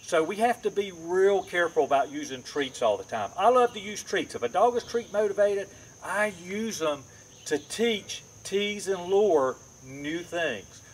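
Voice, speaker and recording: A man's voice: high-pitched, animated, measured pace, slight background noise, rough recording. A man working as a dog trainer, explaining his methods step by step while giving short commands and praise to a dog. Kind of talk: hands-on training demonstration.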